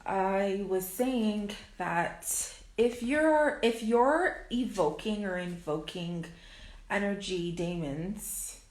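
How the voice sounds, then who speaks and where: A woman's voice: medium pitch, drawn-out words, darkish tone, reverberant, low-quality recording. A young adult woman talking candidly and emphatically in a rambling monologue, swearing freely. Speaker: spiritual content creator. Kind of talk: casual direct-to-camera monologue.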